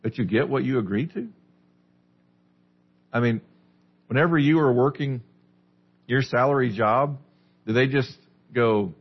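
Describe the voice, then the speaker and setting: A man's voice: medium pitch, unhurried, long pauses, husky, lo-fi sound. A man preaching a sermon as a pastor, teaching a small group with questions in a conversational way. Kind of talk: sermon, Bible study.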